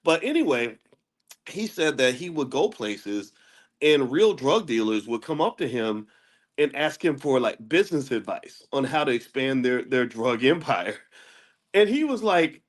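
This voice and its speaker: A man teaches a daily finance class in a casual lecture style, with a sing-song delivery at a moderate pace. He frequently restarts and repeats words, poses rhetorical questions, and his pitch leaps up when he drives a point home.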